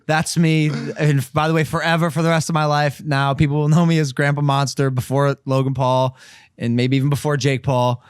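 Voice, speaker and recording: Animated young man telling stories. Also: fairly high pitch, a little fast, clean tone, dry recording. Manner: animated storytelling, swearing. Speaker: podcast host. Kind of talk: casual chat.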